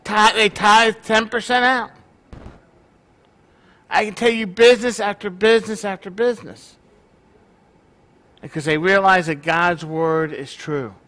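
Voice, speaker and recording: A man's voice: sits high, unhurried, pauses often, sharp tone. A male pastor preaching a sermon in a joking, conversational way to his congregation.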